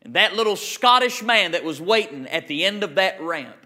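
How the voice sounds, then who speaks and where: A male pastor preaching an emphatic sermon, slowing down to read scripture. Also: high voice, animated, bright, forceful tone.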